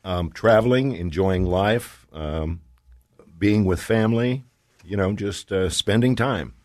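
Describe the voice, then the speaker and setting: An older man, a retired podcast guest, answering questions in a relaxed, halting way with frequent ums. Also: deep voice, dry recording, studio quality. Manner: relaxed and halting, with many fillers. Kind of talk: casual interview.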